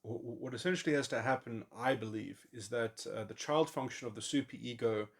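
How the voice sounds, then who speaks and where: Man, gravelly voice, solo monologue, halting restarts, thinking aloud. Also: medium pitch. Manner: musing, halting, with many restarts and fillers. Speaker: podcast host. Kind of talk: speculative monologue on psychology. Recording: voice memo.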